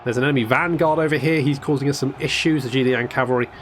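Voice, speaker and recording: A man's voice: medium pitch, fairly even intonation, quick pace, a little hiss or hum. A man casually commentating a strategy game, wry and chatty, swearing now and then and restarting his sentences. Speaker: gameplay commentator. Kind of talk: casual let's-play commentary.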